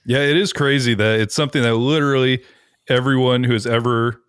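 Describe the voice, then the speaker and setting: A man co-hosting a podcast in casual chat, reflective and quick to agree. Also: mid-range voice, fairly even intonation, fairly bright tone, clean tone, no echo, clean studio sound.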